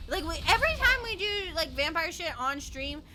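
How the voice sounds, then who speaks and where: A woman's voice: very high voice, big pitch swings, normal speed, heavy background noise. A young adult woman streaming a game, chatting casually in a bubbly way, laughing often and swearing offhandedly. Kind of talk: casual live-stream chat while playing.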